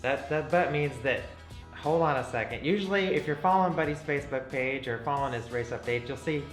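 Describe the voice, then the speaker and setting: A man's voice: mid-range voice, fairly quick, roomy sound, soft background music, rough recording. A man co-hosting a racing talk show, laid-back and chuckling along. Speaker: co-host. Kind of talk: casual chat.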